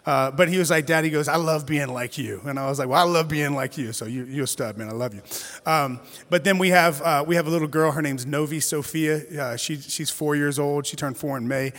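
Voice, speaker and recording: A man in his forties preaching as a guest pastor, chatty and animated, with playful storytelling asides. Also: fairly high pitch, a little fast. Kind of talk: sermon. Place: church sanctuary. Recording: reverberant church hall.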